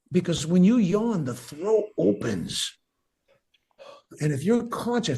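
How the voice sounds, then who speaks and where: An older man, a breathwork teacher, calmly leads a guided breathing meditation, repeating his cues as he goes. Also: high-pitched, breathy edge. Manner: calm, instructive, repeats cues.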